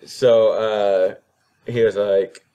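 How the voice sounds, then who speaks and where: A man's voice: lowish voice, steady tone, drawn-out words, mellow. A man co-hosting a casual podcast, recounting a shopping trip in a laid-back, matter-of-fact way. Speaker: podcast co-host. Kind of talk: casual chat.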